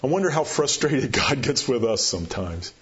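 A man preaching a sermon as pastor, animated, rising to excited questions and dropping to quiet appeals. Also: medium pitch, moderate pace, dull audio.

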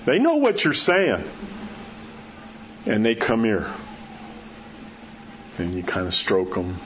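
Folksy preacher man, soft hushes. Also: lowish voice, wildly swooping pitch, slow pace, lo-fi sound, slight background noise. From New Mexico. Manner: folksy storytelling, drops to a soft hush at key words. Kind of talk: sermon.

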